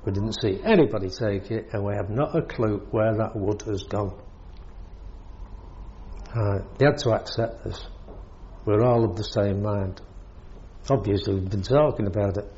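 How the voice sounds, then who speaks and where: A man's voice: lowish voice, normal speed, long pauses, mellow, muffled recording, a little hiss or hum. An older British man, a war veteran, telling his service stories in a rambling way, chuckling often. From Britain. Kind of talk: oral history storytelling.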